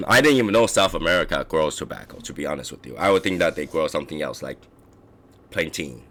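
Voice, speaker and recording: A man with a very deep voice, roughened into hoarseness, chatting loosely as a cigar stream host. He keeps clearing his throat and restarts his sentences as he talks. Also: expressive, fairly quick, bright, forceful tone. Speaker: livestream host reviewing cigars. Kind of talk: casual rambling chat.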